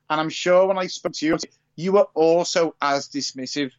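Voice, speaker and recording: A man co-hosting a podcast in casual chat, animated and swearing freely. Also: on the high side, moderate pace. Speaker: podcast co-host. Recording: dull lo-fi recording.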